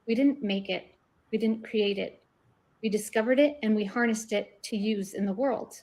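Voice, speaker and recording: A woman guest on an online talk show, her voice sitting at a middle pitch. She explains her theories earnestly, pushing her emphasis up on the key points. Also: moderate pace, darkish tone. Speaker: guest researcher. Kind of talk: casual online discussion.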